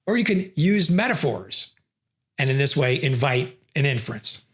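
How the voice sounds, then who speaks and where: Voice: mid-range voice, sing-song, normal speed, a bit bright. A presenter explaining communication theory, who acts out sample refusals between the explanations. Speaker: educational video presenter.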